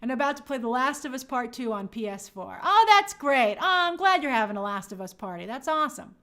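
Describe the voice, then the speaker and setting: A woman's voice: high voice, big pitch swings, brisk, fairly bright tone. A woman hosting a livestream, chatting casually and reading viewer comments aloud in an upbeat way. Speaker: livestream host reading chat. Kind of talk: casual live chat.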